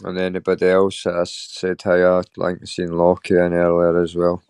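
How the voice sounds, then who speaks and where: A man chatting as a livestream guest, telling stories in a halting, rambling way with laughs. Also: low-pitched, monotone, a little mellow, smooth, no room sound. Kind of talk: casual chat.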